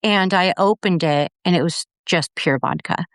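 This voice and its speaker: A middle-aged woman recounts a personal story on a podcast, slipping in the words people said. Her voice sits low with a smooth, clear tone. The sound is close and dry, with no room around it. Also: normal speed, dry recording. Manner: earnest, retelling events with quoted dialogue. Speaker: podcast guest, mother.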